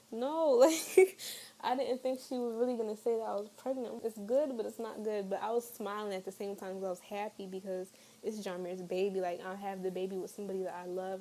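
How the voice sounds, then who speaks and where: A woman's voice: mid-range voice, dark tone, poor audio. Chatty young woman telling a story. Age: young adult. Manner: chatty and candid, many fillers. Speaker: vlogger. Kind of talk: casual storytime vlog.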